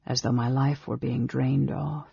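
A man's voice: medium pitch, flat delivery, unhurried, gravelly, husky, dull audio, exaggerated voice. A reader voicing a frail, sickly, bitter young male mage who speaks in a weak, labored whisper.

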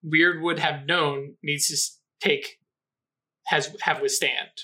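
A man's voice: fairly high pitch, little pitch movement, slow, sharp tone. A man running a tabletop game as game master, explaining rules with many fillers and restarts.

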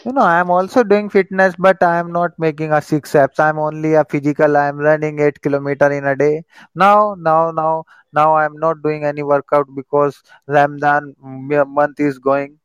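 A man calling into a live stream, talking eagerly in halting, broken English with many fillers. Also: on the high side, level tone, clear, resonant tone, dry recording. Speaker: guest caller. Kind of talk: casual chat.

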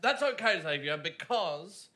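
Excitable Australian man, high lively voice. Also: measured pace. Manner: excitable, loud, playful. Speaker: sketch comedian. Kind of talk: live sketch comedy for kids. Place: theatre stage before a young audience.

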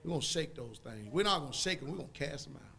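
A man preaching a sermon in a folksy, emphatic way, drawing call-and-response from the congregation and rising to loud outbursts. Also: a little high, expressive, quick pace, creaky.

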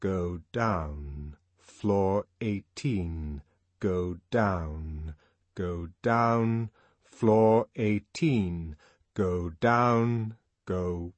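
A man voicing a slow commanding loudspeaker. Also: low-pitched, no echo. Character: imperious machine loudspeaker voice.

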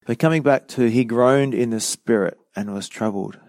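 A man's voice: mid-range voice, moderate pace, a little mellow, no room sound. A man preaching a sermon, teaching in a conversational way with frequent fillers like "you know.".

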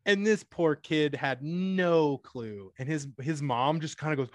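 In a sing-song voice that's a little slow yet hardly pauses, a young retail cashier in his twenties tells rambling, offhand stories about work, leaning heavily on "like" and self-corrections. He breaks into high-pitched impressions of the people he quotes and laughs. The recording is dry.

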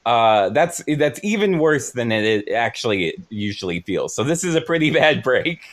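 Lively-voiced man running a tabletop game. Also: mid-range voice, moderate pace. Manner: playful, laughs often, describes scenes vividly. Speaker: game master.

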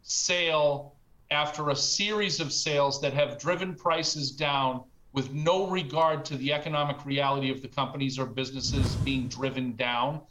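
A man's voice: medium pitch, steady tone, moderate pace, a bit bright, a little hiss or hum, low-quality recording. A man giving confident, emphatic market views in a financial panel discussion. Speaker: market commentator.

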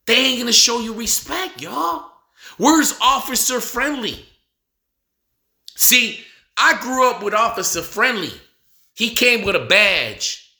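Preaching man, bright, echoey room. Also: high-pitched. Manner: repetitive, rhetorical questions, rising to near shouting. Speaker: speaker addressing the nation. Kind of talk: impassioned preaching monologue.

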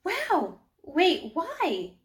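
A woman's voice: a little high, measured pace, voice pushed up. A woman doing an eager, curious young girl. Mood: excited. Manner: excited, wide-eyed questions. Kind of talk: children's storybook reading.

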